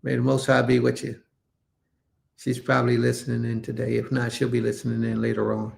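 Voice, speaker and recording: A man hosts an online religious service, his voice deeply gravelly at a middling pitch. He preaches casually and emphatically, doubling back on phrases. It sounds like a computer mic on a live stream. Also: completely flat delivery, fairly quick. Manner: repetitive, emphatic, addresses listeners as family. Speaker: congregation leader.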